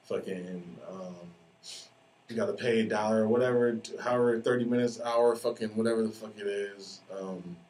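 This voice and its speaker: Brief: low-voiced man in his 30s, profane podcast rant, mic at a distance, faint room noise. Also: moderate pace. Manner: profane, ranting, animated storytelling. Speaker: podcast host. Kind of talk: casual podcast monologue.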